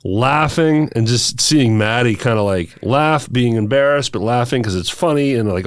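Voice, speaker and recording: A man co-hosting a podcast in casual chat, a bass player with a relaxed, agreeable manner. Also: moderate pace, hardly any pauses, no room sound.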